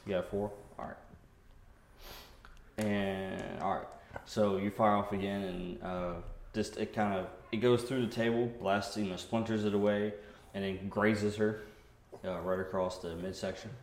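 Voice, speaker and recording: A man's voice: on the low side, flat delivery, a little slow. A man running a tabletop game as game master, narrating the action with laughs and sound effects. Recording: roomy with faint noise.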